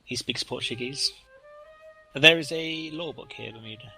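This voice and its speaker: A man co-hosting a gaming stream in casual chat. He talks in halting, rambling runs, full of fillers and restarts. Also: mid-range voice, creaky, sharp tone, breathy edge, soft background music, poor audio. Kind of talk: casual chat while playing a game.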